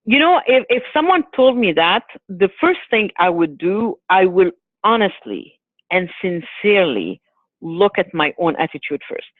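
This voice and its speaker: A woman's voice: mid-range voice, sing-song, measured pace, no room sound. Earnest woman on a tinny call line. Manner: earnest, repeats phrases while thinking aloud. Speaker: guest speaker on workplace bias. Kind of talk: conversational webinar advice. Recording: tinny phone-like call audio, dry.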